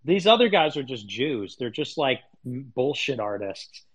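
A man's voice: mid-range voice, sing-song, unhurried, husky, poor audio. A man talking in a casual podcast chat as an online commentator, rambling and crude, with lots of fillers.

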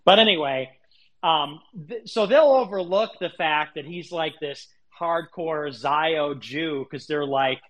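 A man's voice: fairly high pitch, a little slow, a bit bright, poor audio. A man talking in a casual podcast chat as an online commentator, rambling and crude, with lots of fillers.

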